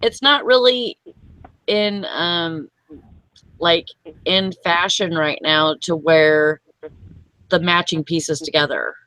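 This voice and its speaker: A woman's voice: fairly low pitch, slow pace, pauses often, fairly bright tone, no room sound, low-quality recording. A woman in a casual morning chat, talking in a chatty, giggly way full of hesitations.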